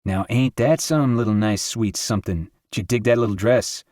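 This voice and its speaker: A man puts on a restless, fast-living hipster who talks in eager slang. The voice sits low, close to the reader's own, and carries no room sound. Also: a little mellow, dry recording, close to an everyday voice.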